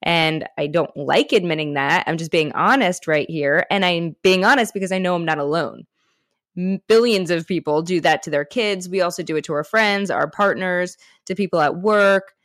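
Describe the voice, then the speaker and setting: A woman's voice: fairly low pitch, no echo, studio quality. A woman hosting a self-help podcast, talking frankly and encouragingly in a conversational way. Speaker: podcast host and author. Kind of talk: candid self-help talk.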